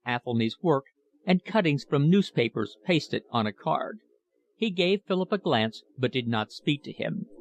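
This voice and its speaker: Man reading a classic novel aloud. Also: on the high side. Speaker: audiobook narrator. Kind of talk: scripted narration.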